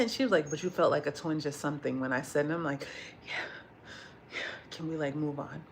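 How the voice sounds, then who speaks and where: A woman chatting casually with her livestream viewers while she cooks in a home kitchen. She tells stories in an animated way, acts out what people said, and curses freely. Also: deep voice, fairly quick, a little hiss or hum. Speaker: vlogger chatting with live viewers.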